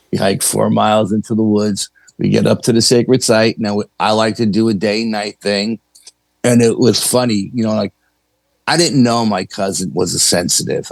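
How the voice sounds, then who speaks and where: A middle-aged man with a low, gravelly voice tells a story as a podcast guest. He chats in a loose, anecdotal way, sprinkling in "you know" and acting out quoted dialogue. The sound is dry and close. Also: no room sound, rough recording. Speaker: paranormal investigator, podcast guest. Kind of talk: casual storytelling.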